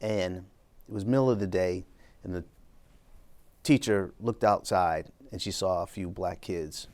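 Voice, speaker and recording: A middle-aged man from Brooklyn speaks as an interview guest in a fairly low voice. He tells his story in a measured, reflective way, calmly acting out remembered exchanges. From Brooklyn, New York. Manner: measured, reflective, acts out quoted dialogue. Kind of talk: conversational storytelling.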